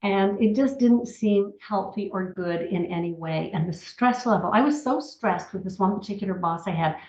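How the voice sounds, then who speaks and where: A woman's voice: medium pitch, normal speed, a little mellow. A woman in her sixties telling her personal story in a chatty way, with many asides and restarts. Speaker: network marketing distributor. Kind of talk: personal testimony talk. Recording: roomy, slightly dull recording.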